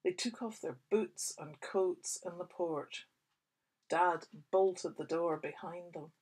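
A woman author reading a picture book aloud to small children, gently asking her young listeners questions. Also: fairly low pitch, slow pace, husky.

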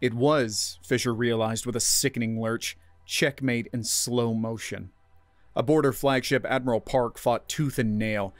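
Male narrator for a sci-fi audio story, middle pitch, measured and dramatic, dry close sound. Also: no room sound. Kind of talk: scripted narration.

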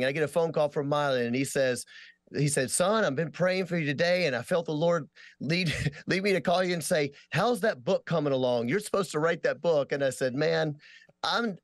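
Earnest, halting man singer. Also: fairly high pitch, dry recording. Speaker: guest, singer. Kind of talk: casual tribute chat.

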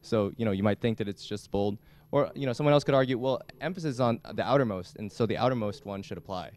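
A young man giving a classroom lecture as a student instructor, talking in a halting way with many restarts. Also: on the low side, a little mellow. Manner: halting, frequent restarts and fillers. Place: lecture hall.

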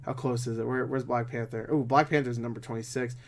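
A tired young man rambling through casual movie box office commentary, swearing often and breaking into loud disbelief. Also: mid-range voice, steady tone, a little fast. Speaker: movie vlogger.

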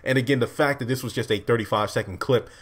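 Excited rambling male vlogger. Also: mid-range voice, quick pace, husky. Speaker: TV show recap vlogger. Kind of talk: excited casual recap.

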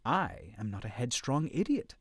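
A man voicing a proud, blunt young male creature lord who speaks flatly. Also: medium pitch, normal speed, husky, no echo, studio quality, full character voice. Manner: flat, blunt.

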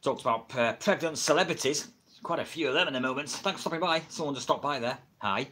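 A man's voice: medium pitch, fast talker, bright, forceful tone, slight background noise. A middle-aged man with an English accent, chatting casually on a livestream, rambling and laughing often, recorded on a built-in camera mic at home. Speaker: wrestling livestreamer. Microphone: built-in camera mic, no microphone.

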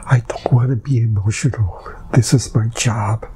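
A hypnosis client speaking under trance, emotional and tearful, with halting, often whispered phrases. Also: medium pitch, fairly even intonation, warm tone, a little hiss or hum.

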